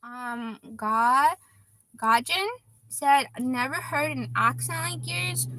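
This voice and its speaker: A woman's voice: sits high, takes it slowly, sharp tone, dry recording. A woman in her twenties chatting casually on a livestream, reading viewer comments aloud and laughing often. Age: 20s.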